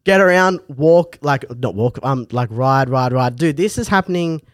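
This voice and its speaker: A man's voice: medium pitch, animated, moderate pace, no echo, clean studio sound. A young Australian man telling a crude, rowdy story in casual chat, full of swearing and laughter. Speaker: podcast co-host.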